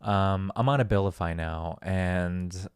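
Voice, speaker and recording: A man's voice: low-pitched, slow pace, smooth, dry recording, clean studio sound. A man hosting a solo podcast, talking in a loose, rambling, profane and self-deprecating way. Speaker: podcast host. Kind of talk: casual solo podcast monologue.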